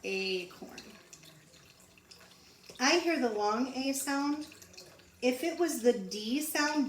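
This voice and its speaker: A woman teaching a phonics lesson to young children, sounding out letters slowly and repeating each word. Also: on the high side, lively intonation. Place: home. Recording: roomy echo, mic at a distance, faint background noise.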